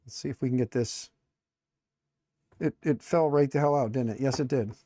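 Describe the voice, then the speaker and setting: A middle-aged man with a warm, medium-pitched voice talks at a moderate pace. Live-streaming his 3D printer build, he tinkers while joking, mocking himself and rambling, muttering to himself throughout.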